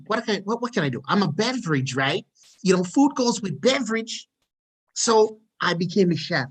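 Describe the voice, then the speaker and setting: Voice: mid-range voice, fairly bright tone, husky, exaggerated voice. A performer doing a whiny talking drink. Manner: whiny, self-pitying. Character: sad talking drink turned chef.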